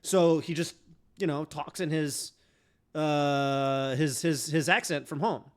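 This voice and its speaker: A man's voice: fairly high pitch, fairly even intonation, slow pace. A man streaming a game, chatting casually in a rambling way full of fillers and restarts. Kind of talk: casual chat while streaming.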